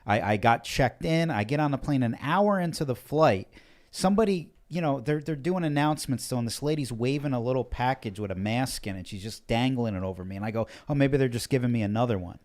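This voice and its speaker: A man's voice: mid-range voice, a little fast, a little mellow. A man telling a story as a guest on a talk show, emphatic and sarcastic. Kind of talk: animated storytelling.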